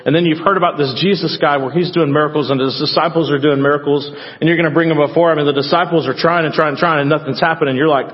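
A man preaching a sermon as a pastor, conversational at first and then building to loud, passionate emphasis. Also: a little high, steady tone, quick pace. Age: adult parent. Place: church sanctuary. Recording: dull sound with long hall reverb.

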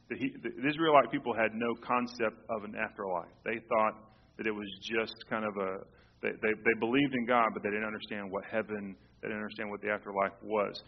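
Male pastor, conversational sermon, halting restarts, dull lo-fi church recording. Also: mid-range voice. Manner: conversational with frequent restarts and repeated words. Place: church sanctuary.

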